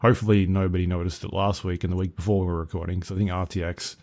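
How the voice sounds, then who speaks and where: Male podcast co-host, dark mellow tone, low-ish pitch, laid-back. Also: little pitch movement, racing. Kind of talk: casual chat.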